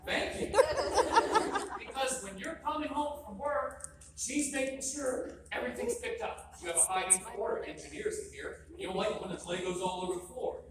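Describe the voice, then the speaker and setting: A man's voice: very high voice, normal speed. A man in his fifties giving a live seminar talk, blunt and joking, often quizzing the audience. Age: 50s. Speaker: convention speaker. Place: large echoey hall. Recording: echoey hall from far off, noisy.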